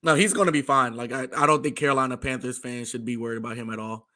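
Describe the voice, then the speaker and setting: A man with a hoarse, worn-out voice talks casually as a co-host. His tone is bright and forceful even through the rasp. He is excitable and laughs often. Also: mid-range voice, quick pace. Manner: excitable, laughing fan talk. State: hoarse, voice nearly gone. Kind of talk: casual chat.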